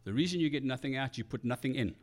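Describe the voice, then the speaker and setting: A pastor preaches a sermon with passion and animation, acting out the excuses churchgoers give. He speaks fast at a medium pitch.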